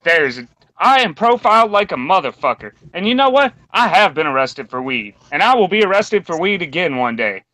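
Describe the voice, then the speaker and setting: A man's voice: sits high, sing-song, normal speed, sharp tone, no room sound, rough recording. A man hosting a podcast round table, delivering a blunt, combative rant full of swearing. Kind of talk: profane opinion rant.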